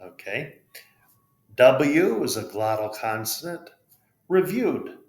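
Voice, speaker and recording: Speaking slowly and expressively, a man with a mid-range, slightly bright voice gives a pronunciation lesson in an echoey room. He has an American accent, spells letters aloud, and carefully models each word.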